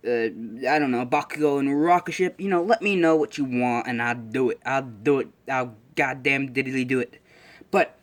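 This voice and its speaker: A young man casually recapping a fan story idea in a rambling way, full of fillers and self-corrections. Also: medium pitch.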